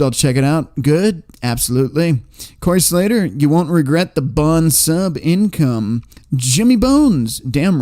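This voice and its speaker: Guy streamer reading chat out loud, kinda high voice, swears a lot, keeps laughing. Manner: rambling, profane, laughs often, reads chat names aloud. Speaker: livestream host reading chat. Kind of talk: casual livestream chat.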